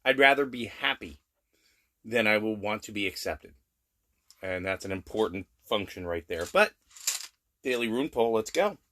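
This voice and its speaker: A blunt, plain-spoken middle-aged man talks at home in a casual daily update. He gets animated as he rants, with no polish to his delivery. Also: lowish voice, normal speed, pauses often. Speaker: vlogger.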